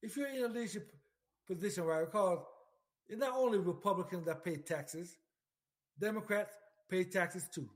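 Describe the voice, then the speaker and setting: A man with a high-sitting voice talks at normal speed and pauses often. He's a military veteran ranting through emphatic political commentary, repeating himself, swearing, and firing questions straight at the listener.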